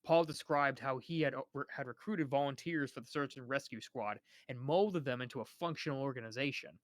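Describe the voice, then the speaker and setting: A man's voice: mid-range voice, brisk, no echo. A young man reading a novel aloud on a live stream, often stumbling over names and restarting words.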